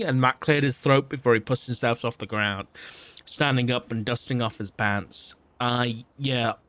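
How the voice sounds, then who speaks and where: A man's voice: mid-range voice, a bit bright, dry recording. A man streaming, reading a fan story aloud, stumbling and restarting often, with side remarks to chat.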